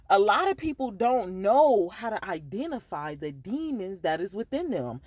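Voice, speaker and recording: A woman's voice: mid-range voice, big pitch swings, moderate pace, hardly any pauses, darkish tone, no echo. Woman doing a chatty advice podcast for guys, dry close mic, keeps saying you feel me. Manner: candid and conversational, full of asides like "you feel me". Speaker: podcast host giving dating advice to men. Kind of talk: casual advice talk.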